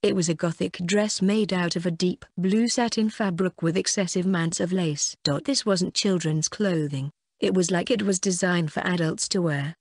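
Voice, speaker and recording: A woman's voice: fairly low pitch, a little mellow, no echo. A woman reading a first-person light novel aloud as an audiobook narrator, with a dry, wry inner-monologue manner.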